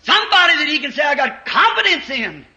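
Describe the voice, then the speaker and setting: Preacher guy, super high bright voice, fervent and shouty, echoey old church tape. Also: big pitch swings, brisk. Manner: fervent, storytelling, rising to shouts. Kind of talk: sermon. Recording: roomy dull 1950s church recording.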